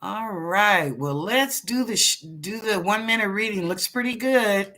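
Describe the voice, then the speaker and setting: Hosting a live psychic reading stream, a woman chats casually and welcomes viewers one at a time by name; she is both the reader and the show's host. Her mid-range voice is unhurried with a sharp tone.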